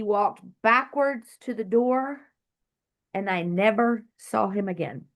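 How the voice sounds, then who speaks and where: A woman, a doctor and healer, telling her story in an interview over a video call, vivid and animated, acting out the quotes. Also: mid-range voice, takes it slowly.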